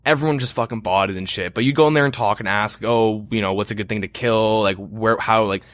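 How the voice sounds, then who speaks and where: A man's voice: on the low side, fast talker. A young man co-hosting a podcast, telling a long story in casual chat, rambling with lots of fillers and frequent swearing. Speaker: podcast co-host.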